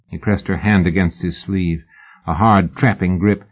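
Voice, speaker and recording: Low-voiced man narrating an audiobook. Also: steady tone, normal speed, breathy edge. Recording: phone-like narrow band.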